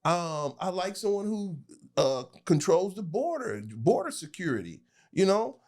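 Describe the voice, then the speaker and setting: With a high voice and an unhurried delivery, the guest on this podcast chats casually about politics. He stays animated and laughing, slipping into voice impressions with ease.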